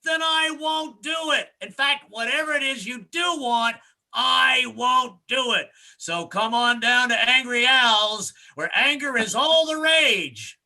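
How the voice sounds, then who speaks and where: A man voicing a loud, grumpy male shop owner ranting through a mock commercial. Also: animated, takes it slowly, gravelly, exaggerated voice. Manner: shouting, sales-pitch ranting.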